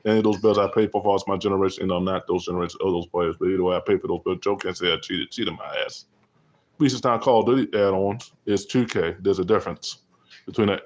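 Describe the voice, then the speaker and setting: Low-voiced man hyping his own game play. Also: a little mellow. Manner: hyped trash-talking commentary. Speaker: gamer streamer. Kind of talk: self play-by-play over a basketball video game.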